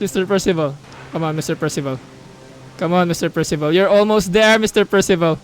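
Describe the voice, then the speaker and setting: Excitable Filipino-accented young gamer. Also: male voice, sits high, quick pace, soft background music. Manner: excitable, reads on-screen story text aloud, mixes in Tagalog asides. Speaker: gaming YouTuber. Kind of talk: mobile game let's play and reading aloud.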